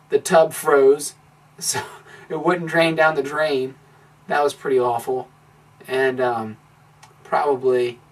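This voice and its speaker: Young man griping from across the room. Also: mid-range voice. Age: young adult. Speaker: housemate. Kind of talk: casual chat. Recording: distant mic.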